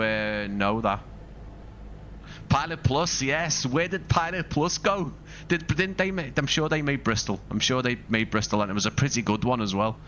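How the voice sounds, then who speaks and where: A man's voice: mid-range voice, a bit bright, a little hiss or hum. A man from Liverpool with a Scouse accent, chatting casually while live-streaming a flight simulator, rambling and thinking aloud with asides to his viewers. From Liverpool, England.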